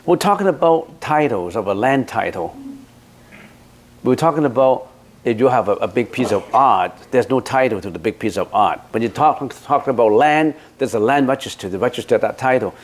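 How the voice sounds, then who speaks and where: Male Buddhist teacher, mid-pitched voice, emphatic dharma talk full of rhetorical questions. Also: animated, moderate pace, a little hiss or hum.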